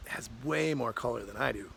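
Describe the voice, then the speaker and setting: Man doing a colorful parrot, plain and modest, a little gravelly. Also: mid-range voice, brisk, fairly bright tone, slight background noise, pitched below the performer's own voice.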